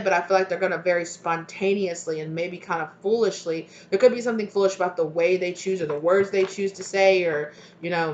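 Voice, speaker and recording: A woman's voice: lowish voice, reverberant, highs cut off. A woman giving a casual tarot reading, chatty and loose, often trailing off and restarting her thoughts. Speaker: tarot reader.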